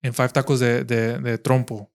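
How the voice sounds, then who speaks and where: A man's voice: mid-range voice, flat delivery, moderate pace, gravelly, clean tone. A young adult man hosting a podcast, telling a long story in a rambling way, with lots of fillers and restarts. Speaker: podcast host. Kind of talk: casual chat.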